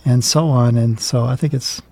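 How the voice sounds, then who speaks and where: A man's voice: mid-range voice, steady tone, normal speed, gravelly, mellow. A man co-hosting a talk show, speaking in an earnest, reflective way. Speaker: co-host. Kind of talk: studio talk show discussion.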